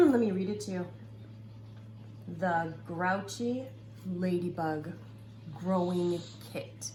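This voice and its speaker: A woman daycare teacher leading a preschool lesson, speaking in a slow, sing-song way for small children and dropping to soft whispers for surprises. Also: lowish voice, noisy background.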